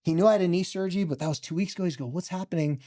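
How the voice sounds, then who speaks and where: Animated man with a mellow voice. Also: high-pitched. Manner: animated, heartfelt, fast bursts. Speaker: guest, former football player. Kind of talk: emotional storytelling.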